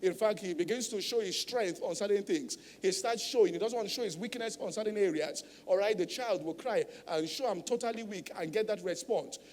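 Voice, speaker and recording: A man's voice: high voice, fairly quick, hardly any pauses, darkish tone, big-room sound. A male pastor preaching a sermon, teaching emphatically and checking in with the congregation with frequent "all right?" tag questions.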